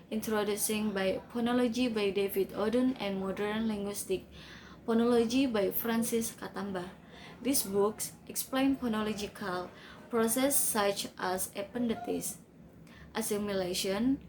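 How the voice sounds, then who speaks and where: Slow, careful young woman presenting. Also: mid-range voice, darkish tone, slight background noise, low-quality recording. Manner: careful, reading from notes. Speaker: student presenter. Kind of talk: class presentation.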